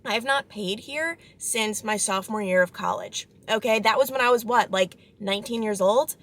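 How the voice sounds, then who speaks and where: Bright chatty young woman vlogger. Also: mid-range voice, moderate pace. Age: 20s. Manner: chatty, animated, filler-heavy storytelling. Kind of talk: casual vlog chat.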